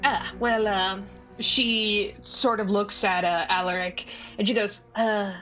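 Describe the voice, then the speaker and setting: Slow-talking woman game master. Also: mid-range voice, steady tone, bright, forceful tone. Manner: slow, hesitant, full of fillers. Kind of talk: narrating a tabletop game. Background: faint music.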